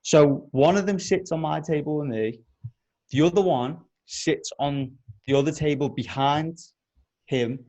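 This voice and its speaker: A man co-hosting a podcast, telling a long anecdote in casual chat, full of swearing and lively detail. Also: fairly high pitch, measured pace, lo-fi sound. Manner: animated, profane anecdote telling. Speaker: podcast co-host.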